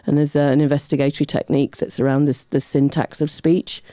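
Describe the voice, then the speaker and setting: A middle-aged woman, a guest on a talk show, telling a personal story in a lively way, often acting out other people's voices and wandering off on tangents. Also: deep voice, fast, no echo, studio quality. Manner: lively, acts out quoted voices, goes off on tangents. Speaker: podcast guest.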